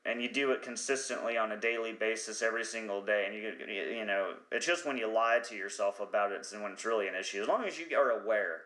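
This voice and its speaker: A man's voice: on the low side, fast, few pauses, pushed and bright, roomy sound. A man hosting a podcast, talking in a rambling, profane comedic monologue who sometimes loses his train of thought. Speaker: podcast host.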